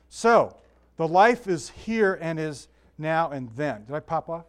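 A pastor preaching a conversational sermon, mixing scripture with chatty asides and self-deprecating jokes. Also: male voice, fairly high pitch, lively intonation, a little slow, smooth.

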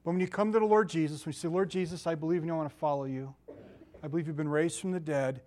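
A middle-aged man preaching a sermon in a conversational, animated way, with asides and laughter. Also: on the high side, fast talker.

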